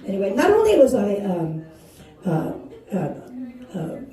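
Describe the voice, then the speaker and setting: This sixtysomething comic from Wisconsin speaks a little slowly in a dark, mid-range voice with huge pitch swings, laughing at her own self-deprecating lines during a bar stand-up set. Recorded from far away, the roomy bar sound includes an audience laughing.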